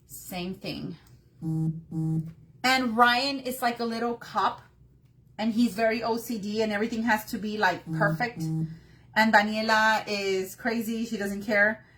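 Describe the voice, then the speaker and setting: A woman's voice: on the high side, steady tone, a little slow, fairly bright tone. A woman hosting a live craft tutorial on her phone, chatting and greeting viewers by name between steps. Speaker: craft workshop host.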